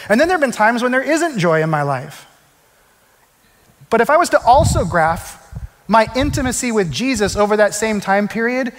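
A pastor with a notably high voice delivers a conversational sermon. He leans on key phrases by slowing right down, then picks up as his energy rises. His voice carries a long reverb that trails after his words in a large hall. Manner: conversational preaching, slows for emphasis, rises when excited.

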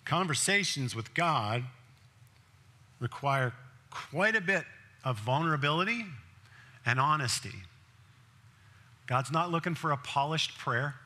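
A man's voice: medium pitch, pushed and bright. A male pastor preaching a sermon in a conversational way, asking the congregation direct questions.

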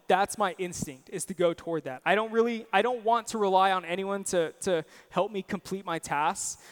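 A man's voice: sits high, fairly bright tone, clear, resonant tone, big-room sound. A young man preaching a sermon, earnest and personal, telling stories on himself with self-deprecating asides. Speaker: pastor.

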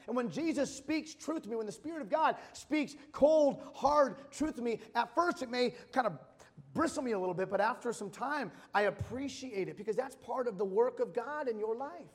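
Brief: man, 30s, pastor, loose storytelling sermon, repeats lines for weight, high voice, echoing sanctuary. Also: animated, normal speed, husky. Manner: casual, storytelling, repeats phrases for emphasis. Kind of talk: conversational sermon. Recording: long hall reverb.

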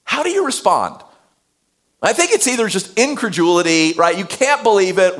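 Animated male preacher, lively pitch. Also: normal speed. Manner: animated, swings between loud and hushed. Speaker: pastor. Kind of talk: sermon.

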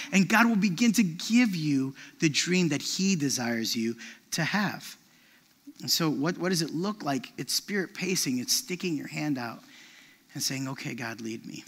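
A man preaching a sermon as a pastor, telling animated stories with frequent restarts. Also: high voice, moderate pace. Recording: long reverb of a large hall.

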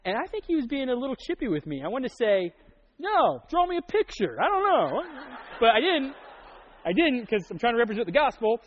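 A young man preaching a sermon in a conversational, joking manner, with quick asides. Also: very high-pitched, sing-song. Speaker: pastor. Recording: dull lo-fi recording.

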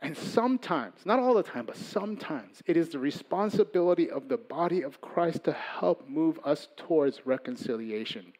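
A man preaching a sermon as pastor, conversational, moving between loud emphasis and soft asides. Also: fairly high pitch, expressive, moderate pace, hardly any pauses.

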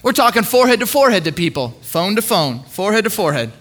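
A young man preaching a sermon through a lively personal story, acting out the voices of people he quotes and often repeating his words as he goes. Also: high-pitched, quick pace.

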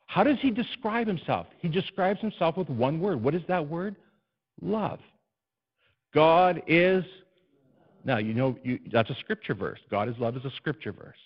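A man preaching a sermon as pastor, swinging between hushed low passages and loud, soaring ones, often putting questions to the congregation. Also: big pitch swings, moderate pace, slightly rough, muffled recording. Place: church.

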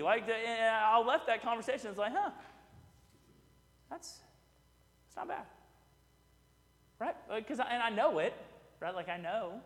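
A man preaching a sermon as pastor, conversational and animated, often asking "right?" and restarting his sentences. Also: high voice, a little hiss or hum. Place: church sanctuary. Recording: reverberant church hall.

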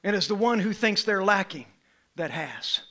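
A man preaches with a very high, bright and forceful voice. He swings between hushed, low passages and loud, soaring ones, driving his sermon with passion. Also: lively intonation, normal speed.

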